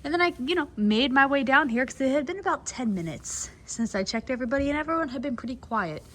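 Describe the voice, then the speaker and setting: A woman chatting casually on camera in a horse barn at night, rambling and laughing, cooing softly to the mares and foals. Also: high-pitched, lively intonation, fast. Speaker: foaling attendant filming her barn. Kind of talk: casual vlog chat.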